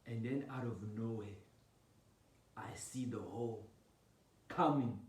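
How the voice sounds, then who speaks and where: A man casually telling a personal family story, animated and laughing, acting out the scenes with sound effects. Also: takes it slowly. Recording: roomy echo, distant mic, low rumble.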